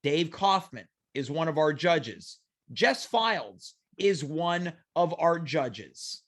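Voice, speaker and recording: A man's voice: on the high side, sing-song, slow. A man hosting a talk show over a video call, chatting casually and slipping into hammy announcer bits for jokes. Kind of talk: casual comedic chat.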